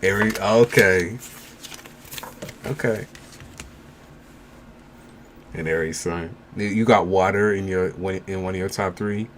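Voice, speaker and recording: Blunt male tarot reader, low voice, faint background hiss. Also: fairly even intonation, measured pace, long pauses. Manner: blunt, casual, reassuring. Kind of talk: live-stream tarot reading.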